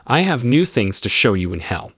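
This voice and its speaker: A man voicing the Lord as a calm, reassuring, fatherly figure in a spoken story. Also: medium pitch, moderate pace, breathy edge, no echo, clean studio sound. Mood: gentle. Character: gentle, patient divine male Lord.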